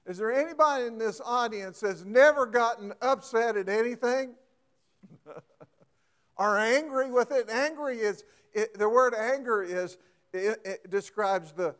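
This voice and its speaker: A man's voice: sits high, unhurried, a bit bright, clear, resonant tone. A man preaching a folksy sermon, often asking the congregation questions and getting emphatic.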